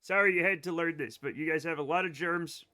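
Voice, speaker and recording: Slightly high and a touch fast, this man's voice has a sharp tone. He's streaming a space game, joking around and rambling to his chat while playing.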